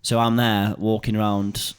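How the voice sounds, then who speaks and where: A young man with a Stoke accent, chatting casually as a podcast host and telling lively stories, swearing and laughing often. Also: on the low side, normal speed, clear, resonant tone. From Stoke-on-Trent, England. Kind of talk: casual chat.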